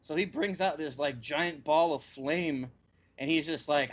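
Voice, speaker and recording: A man hosting a podcast, recapping a story in casual chat with lively, stop-and-start storytelling. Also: on the high side, unhurried. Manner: animated storytelling with frequent restarts. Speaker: podcast host. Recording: slightly muffled lo-fi audio.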